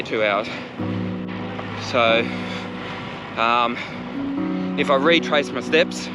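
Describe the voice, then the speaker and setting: A man's voice: medium pitch, rough recording. A man talking to a camera while cycling outdoors, chatty and rambling, with wind over the mic and music behind. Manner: chatty, rambling, self-deprecating. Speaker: cycling vlogger. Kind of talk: casual talk to camera while riding. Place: outdoors on a road bike in traffic. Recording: wind noise over a bike-mounted camera.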